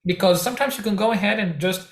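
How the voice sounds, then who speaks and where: Man, slightly higher voice, careful halting academic answers, echoey room. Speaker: researcher guest.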